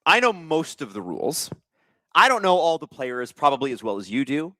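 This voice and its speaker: A man's voice: a little high, sing-song, normal speed, pushed and bright, dry recording. A young man hosting a live watch-along stream, chatting casually and reading out viewer comments with jokes. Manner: chatty, reads viewer comments aloud, joking. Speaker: livestream host.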